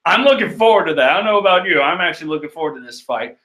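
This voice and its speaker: A man reading through a manga chapter in casual, rambling commentary, excitable and profane, laughing and trailing off as he goes. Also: on the high side, racing. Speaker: manga chapter reader and reactor.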